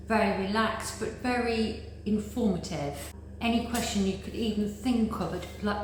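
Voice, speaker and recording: A middle-aged woman giving an earnest, chatty patient testimonial, repeating words like "very, very". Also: mid-range voice. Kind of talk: casual interview testimonial. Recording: very echoey room with faint noise.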